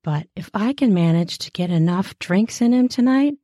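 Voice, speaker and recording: A woman reading explicit first-person fiction aloud, with a slow, deliberate delivery and crude, mocking asides. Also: mid-range voice, lively intonation, warm tone, no echo, clean studio sound.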